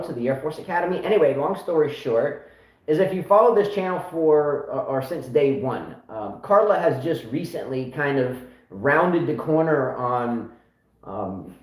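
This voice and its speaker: A man's voice: on the high side, a little mellow. A middle-aged man co-hosting a casual chat, rambling with many fillers and restarts. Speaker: co-host of a tennis channel. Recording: echoey room.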